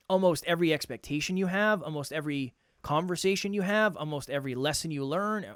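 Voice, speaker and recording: A man co-hosting a casual podcast, animated and prone to restarting his thoughts, joking at his own expense. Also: fairly high pitch, no echo, studio quality. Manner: animated, restarts thoughts, self-deprecating jokes. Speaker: podcast co-host.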